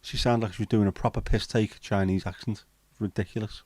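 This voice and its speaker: A man's voice: on the low side, steady tone, brisk, darkish tone, slightly rough, no room sound. A man hosting a casual livestream, chatting, swearing freely and reading viewer comments aloud. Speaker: livestream host.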